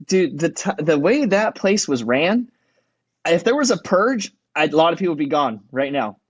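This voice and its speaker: This firefighter and EMT, guesting on a podcast, has a fairly high voice with big pitch swings and a moderate pace, recorded muffled with no room sound. He tells rowdy, profane stories in casual chat, acting out what people said.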